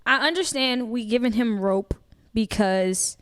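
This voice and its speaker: A woman's voice: fairly high pitch, measured pace. A woman co-hosting a podcast in casual chat, laughing often and talking in slang. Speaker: podcast co-host.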